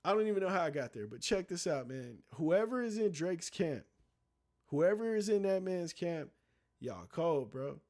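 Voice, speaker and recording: A man's voice: fairly high pitch, animated, moderate pace, darkish tone. A young man streaming casual, profane commentary, rambling in loose slang with many restarts and asides to his chat.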